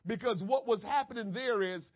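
Pastor, male, very high voice; sermon delivery that swings from hushed to shouting, muffled lo-fi sound. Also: normal speed. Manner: preaching with big swings from soft asides to shouting.

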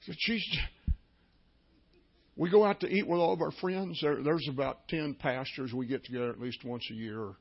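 A man's voice: mid-range voice, normal speed, vocal fry. An older man, a pastor preaching a sermon through folksy, repetitive storytelling. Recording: dull lo-fi recording.

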